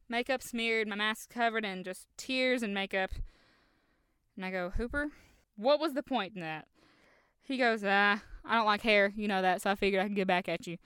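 A young woman recounts a personal story, acting out each quoted line. Her voice is very smooth and clear and sits a little high. The recording is close and dry, with no room sound. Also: no echo. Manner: animated, acts out quoted lines. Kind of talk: personal anecdote told to listeners.

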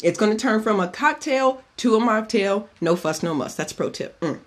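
A man's voice: high voice, animated, moderate pace. Chatty, profane man hosting a podcast. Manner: chatty, profane, wanders off on tangents. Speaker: podcast host. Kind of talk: casual chat sharing a cocktail recipe.

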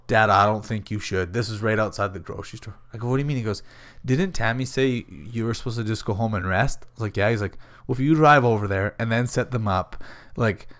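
A fast-talking MMA fighter in his thirties, with a voice on the low side, chats casually on a podcast. He rambles through a story and acts out the people he's quoting.

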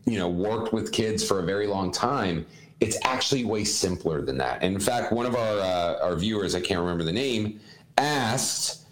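A man's voice: lowish voice, animated, normal speed, reverberant, rough recording. A man co-hosting a casual podcast chat, earnestly explaining parenting advice as an educator and repeating points for emphasis.

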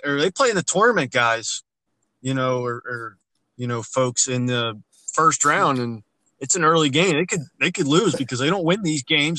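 A man's voice: a little high, bright, forceful tone, no echo, low-quality recording. A man co-hosting a casual sports podcast, ranting bluntly about college basketball and swearing freely. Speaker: podcast co-host.

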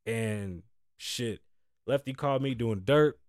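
A man's voice: mid-range voice, slow pace, a little mellow, no echo, clean studio sound. A man hosting his own talk show, telling stories in a loose, profane, laughing way. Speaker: podcast host. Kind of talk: casual storytelling monologue.

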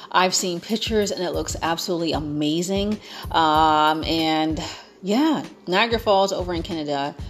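A young American woman chatting to her viewers in a playful, emphatic way, piling up repetitions for effect. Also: on the low side. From United States. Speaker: vlogger. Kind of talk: casual chat to viewers.

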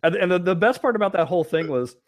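Man, podcast co-host, animated, laughs a lot, expressive pitch, dry close sound. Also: fast, dry recording. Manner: animated storyteller, laughs often, many restarts. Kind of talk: casual reminiscing chat.

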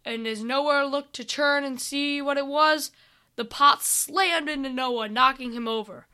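A woman reading an adventure story aloud, calm and unhurried. Her voice is high and bright, and she keeps an even storybook pace.

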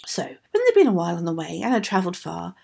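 Husky woman reading a fairy tale. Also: lowish voice, fast talker. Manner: expressive, sing-song reading. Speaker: storyteller. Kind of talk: fairy tale read aloud.

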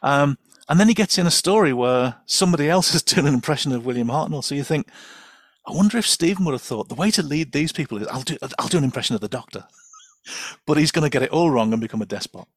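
A man's voice: a little high, expressive, fast talker, no echo. A man speaking as a guest expert in a casual podcast chat, chatty and enthusiastic, with lots of fillers and laughter.

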